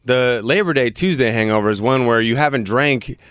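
A man's voice: medium pitch, smooth, no room sound. A man co-hosting a radio show, joking in casual banter. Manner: animated, joking, quick laughs.

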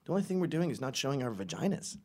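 A man's voice: mid-range voice, sing-song, racing, darkish tone, voice pushed up, lightly acted. A man doing a young guy brooding at his mirror. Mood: dawning doubt.

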